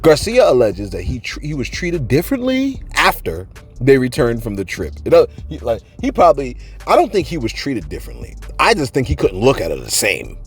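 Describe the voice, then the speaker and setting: Animated joking man with lively pitch. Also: a little fast, soft background music. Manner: animated, jokey, talks straight to viewers, acts out quotes. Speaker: celebrity gossip show host. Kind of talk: joking commentary on celebrity news.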